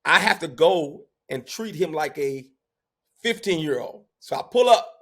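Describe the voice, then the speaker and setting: Husky, animated storytelling man. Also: fairly high pitch, a little slow. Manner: animated storyteller, shouts when quoting himself. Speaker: podcast guest. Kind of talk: casual storytelling.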